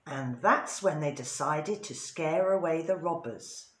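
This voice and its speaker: A woman teaching English to children, reading a story aloud in an expressive, sing-song way. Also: deep voice, unhurried. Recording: roomy echo.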